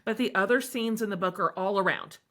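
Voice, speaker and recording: A woman's voice: medium pitch, brisk, a bit bright. A middle-aged woman talking as an author in a candid podcast interview, earnest and emphatic as she tells her story.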